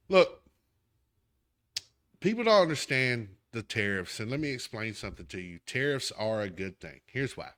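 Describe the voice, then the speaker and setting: Heated Southern man with a lively voice. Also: mid-range voice, normal speed. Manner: emphatic, heated, talks straight at the listener. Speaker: podcast host. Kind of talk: political commentary rant.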